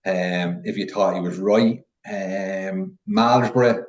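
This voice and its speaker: A man weighing up horses in relaxed podcast chat. His voice is fairly low and comes through slightly dull and muffled. He hesitates often and fills the gaps with ums. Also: takes it slowly, vocal fry. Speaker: podcast panelist, French racing pundit. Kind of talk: casual betting chat.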